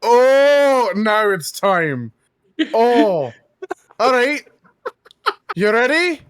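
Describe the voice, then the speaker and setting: An excitable man with a notably high voice, swearing freely in casual chat. His sound is dry and close. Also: very slow, no room sound. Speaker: player.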